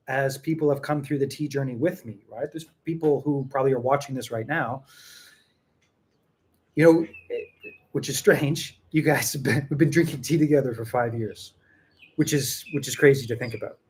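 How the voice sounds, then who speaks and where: A man's voice: medium pitch, moderate pace, darkish tone. A man hosting a casual tea tasting chat, rambling and repeating himself for emphasis. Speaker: tea seller and show host.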